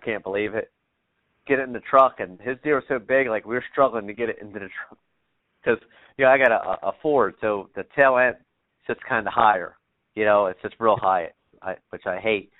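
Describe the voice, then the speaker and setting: A man's voice: on the low side, dry recording. A man telling a story as a podcast guest, rambling, with many fillers and casual swearing. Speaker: podcast guest, bow hunter. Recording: tinny phone-like remote line.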